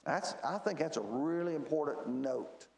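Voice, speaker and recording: A man's voice: a little high, normal speed, gravelly, darkish tone. A man teaching a Bible class in a church, explaining verses and asking the class rhetorical questions. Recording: echoey church room.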